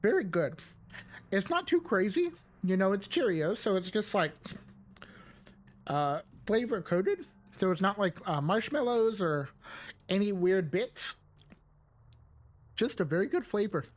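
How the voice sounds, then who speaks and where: A young woman chats casually on a live game stream. Her voice swings widely in pitch as she rambles, laughing often and pausing to eat. She talks close to a desk microphone. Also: lively intonation. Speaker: VTuber streamer. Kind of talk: casual live-stream chat while gaming.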